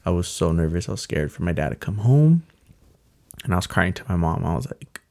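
Low gravelly-voiced young man. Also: very animated, dark tone. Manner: earnest, halting, filler-heavy. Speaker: guest telling his story. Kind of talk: casual personal storytelling.

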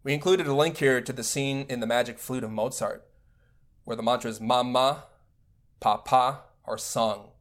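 Male spiritual teacher, mid pitch, measured lecture delivery. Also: steady tone.

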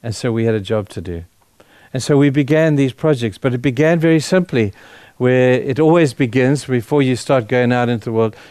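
A middle-aged male pastor preaches a heartfelt testimony in a voice of ordinary pitch for a man. He speaks earnestly and with feeling, stumbling and restarting as he goes. The sound is dry and close, with little room echo. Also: a little mellow, smooth. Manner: earnest, emotional storytelling with halting restarts. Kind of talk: sermon told as a personal testimony.

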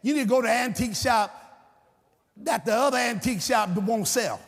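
A pastor preaches with fire, his husky voice pitched very high and breaking into shouts. His words echo through a large reverberant hall, with faint music beneath. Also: normal speed. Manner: fervent, shouting, repetitive. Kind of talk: sermon.

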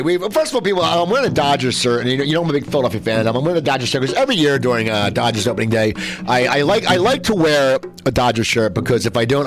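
A man hosting a casual talk show, rambling and stammering as he tells stories with excitement. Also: medium pitch. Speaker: host. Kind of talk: casual chat.

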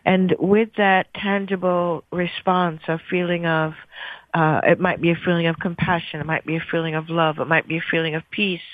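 Low-voiced woman host, soothing meditation guide, unhurried; tinny phone-like audio. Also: fairly even intonation, no room sound. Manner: soft, measured, soothing guidance with pauses. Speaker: radio show host. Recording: dry, phone-like lo-fi sound.

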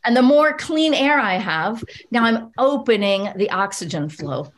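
A woman's voice: fairly high pitch, lively intonation, a little slow, a little hiss or hum. A woman leading a group laughter session, coaching in an upbeat way and often laughing as she talks.

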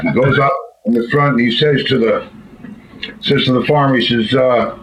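A man's voice: mid-range voice, fairly even intonation, normal speed, a bit bright. A man hosting a casual chat, telling jokes in a folksy, rambling way with restarts. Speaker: podcast host. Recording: slightly dull lo-fi audio with faint noise.

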